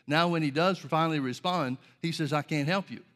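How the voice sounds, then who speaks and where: Male preacher, somewhat high-pitched, measured teaching sermon with scripture reading. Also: a bit bright. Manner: measured, explanatory, reads King James verses aloud.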